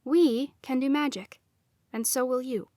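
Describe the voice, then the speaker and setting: A woman narrator voicing a gentle, serious elderly grandmother who is a witch, speaking softly and slowly. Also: high voice, steady tone, no echo, studio quality. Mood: grave.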